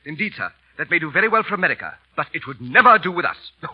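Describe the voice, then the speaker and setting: An actor playing a stiff, deferential valet in 1940s radio drama, prim and forever saying sir. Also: male voice, fairly high pitch, big pitch swings, racing, a little hiss or hum. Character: stiff, formal English gentleman's valet. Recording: muffled old radio broadcast.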